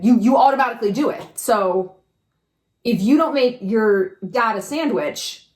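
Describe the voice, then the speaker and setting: A woman's voice: on the high side, animated, a little slow. A woman giving frank advice in a casual monologue to camera, swearing freely and firing rhetorical questions. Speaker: advice vlogger. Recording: echoey room.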